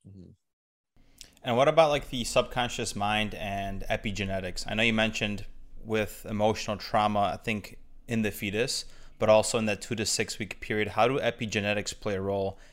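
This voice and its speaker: A man's voice: on the low side, steady tone, normal speed, fairly bright tone. A man hosting a podcast interview, asking long, winding questions padded with fillers. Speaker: host.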